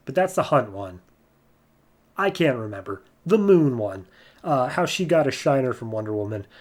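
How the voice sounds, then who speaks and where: A man casually recapping a comic book on a podcast. He jumps into higher voices for the characters' lines. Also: darkish tone. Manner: retells scenes in voices, jumping higher for quotes. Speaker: podcast host.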